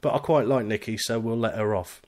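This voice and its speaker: A man's voice: mid-range voice, fairly quick. A man hosting a live podcast from the UK, joking around with his co-host and reading out messages from listeners. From United Kingdom. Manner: lively, teasing banter reading out chat messages.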